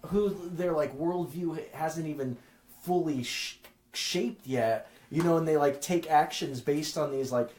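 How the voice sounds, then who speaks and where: A man's voice: on the high side, unhurried, a little mellow, echoey room. A man who is a podcast guest, chatting casually in a rambling way, full of "like" and restarts. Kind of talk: casual chat.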